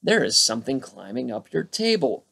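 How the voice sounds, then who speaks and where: A bouncy, cheerful young tiger from a storybook, as a man puts him on. He sounds confident and a little higher than a plain speaking voice. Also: big pitch swings, normal speed, creaky, sharp tone, breathy edge, exaggerated voice.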